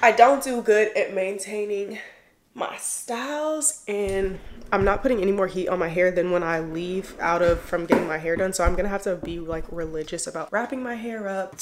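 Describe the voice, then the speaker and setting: Young woman beauty vlogger, casual slangy chat, mid-pitched, faint background noise. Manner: chatty, slangy, lots of "like" and "y'all". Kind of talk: casual get-ready-with-me chat.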